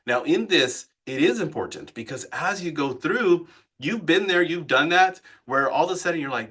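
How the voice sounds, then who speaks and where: A man leading a live sales training session as a coach. He talks in an animated way and keeps asking the group questions. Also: a little high, normal speed, slightly rough. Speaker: real estate sales coach.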